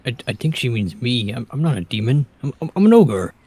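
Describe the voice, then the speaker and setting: A man's voice: medium pitch, big pitch swings, brisk, dark tone, husky, dry recording. A man playing a stammering, eager ogre. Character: gentle, dim-witted ogre sailor. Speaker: player.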